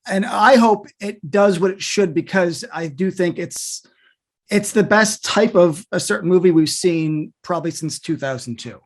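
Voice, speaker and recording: Chatty interviewer guy, kinda high voice, rambles through his questions. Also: unhurried.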